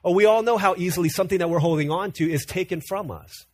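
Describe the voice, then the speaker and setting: A man's voice: high voice, fast. A man in his thirties, a pastor preaching an earnest, conversational sermon full of personal stories.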